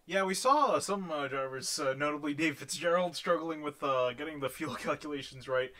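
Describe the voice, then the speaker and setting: Cheerful male post-race interviewer, bright tone, a bit high, loose and chatty. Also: a little fast. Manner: filler-heavy, upbeat, laughs at his own slips.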